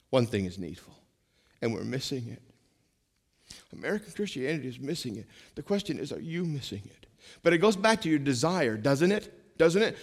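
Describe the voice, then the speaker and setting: Man preaching, pastor, mid-pitched voice, loud peaks and quiet drops, repeated phrases, long church reverb. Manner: animated preaching, swings between loud emphasis and hushed asides, repeats lines. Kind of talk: sermon.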